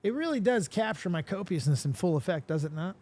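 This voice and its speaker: A man hosting a live stream, chatting casually, reading viewer comments aloud and swearing freely in an animated way. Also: high-pitched, fast. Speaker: livestream host.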